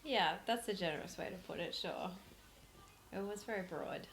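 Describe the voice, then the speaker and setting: A woman's voice: mid-range voice, moderate pace, soft background music. A woman, co-hosting a podcast and commenting in a wry, teasing way. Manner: wry, teasing, laughs often. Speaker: podcast co-host. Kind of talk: casual commentary chat.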